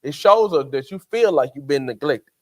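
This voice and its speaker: A man's voice: a little high, animated, normal speed. A man, co-hosting a faith podcast in casual chat, acting out quotes in character voices. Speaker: podcast co-host.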